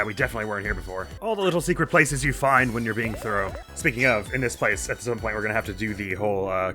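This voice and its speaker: A man's voice: medium pitch, sharp tone. A man commenting casually on a video game as a let's play host, laughing often and reading the game text aloud.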